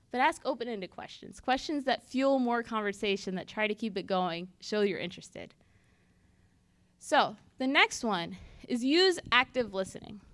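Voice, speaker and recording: A woman's voice: on the high side, fairly bright tone, no echo. Woman giving a conversational church talk. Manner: conversational, acts out little dialogues. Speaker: church speaker. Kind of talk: teaching talk.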